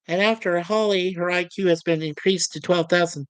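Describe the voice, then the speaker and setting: A woman's voice: lowish voice, steady tone, normal speed, hardly any pauses, clean tone, no room sound. Woman recapping a sitcom, dry close voice. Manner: narrating scenes between quotes. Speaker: show reviewer. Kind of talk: casual review recap.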